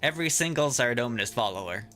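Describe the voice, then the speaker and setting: A man's voice: mid-range voice, lively intonation, rapid-fire, pushed and bright, soft background music. A man streaming a game playthrough, reading every character's dialogue aloud and joking between lines. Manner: jokey, laughs often, reads every character's lines. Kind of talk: casual playthrough with voiced reading.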